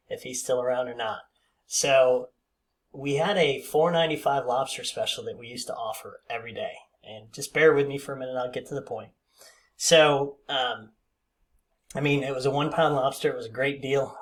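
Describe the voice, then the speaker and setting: A man in his fifties telling a casual, rambling story with many fillers and restarts. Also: mid-range voice. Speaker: vlogger.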